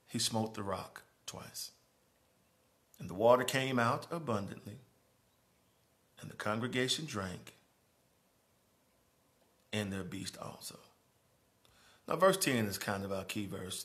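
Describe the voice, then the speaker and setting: A man preaching a sermon as pastor in a church, moving from quiet, conversational speaking to raised, emphatic preaching. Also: on the low side, lively intonation, slow pace, pauses often. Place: church sanctuary.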